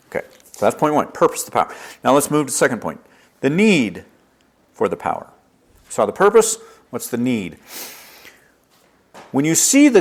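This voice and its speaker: A man preaching with a lively, animated delivery, his pitch rising and falling widely. His voice sits in a middle register, and he slips into quick acted-out exchanges to make his point. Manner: lively preaching, acts out dialogue with God in his stories. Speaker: pastor. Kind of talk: sermon.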